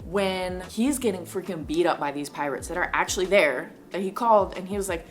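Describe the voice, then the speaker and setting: A woman's voice: lowish voice, brisk. Gushing woman talking over faint music. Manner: gushing and rambling, heavy on "like". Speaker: manga reaction vlogger. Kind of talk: casual chat.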